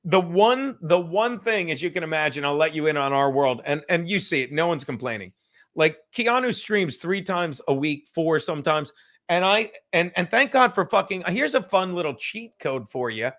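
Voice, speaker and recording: A man in his fifties chats loosely on a livestream from home, his voice sitting high for a man. He rambles, swears freely and laughs between his thoughts. Now and then he drops into a whisper. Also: expressive, normal speed, fairly bright tone. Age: 50s. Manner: rambling, profane, laughing, drinking while talking. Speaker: livestream host. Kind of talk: casual livestream chat.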